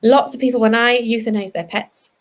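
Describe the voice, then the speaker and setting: A woman vet giving a gentle, reassuring lesson to children, talking straight to them in an earnest way. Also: on the high side, fairly even intonation, brisk. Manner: soft, reassuring and earnest, talks straight to kids.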